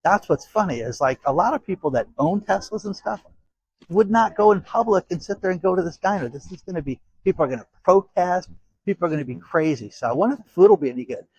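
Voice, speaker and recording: A man's voice: sits high, lively intonation, fast, a little mellow, husky, no room sound, muffled recording. Chatty man with a dry, close sound. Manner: chatty, laughs often, addresses viewers directly. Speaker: host. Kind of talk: casual commentary vlog.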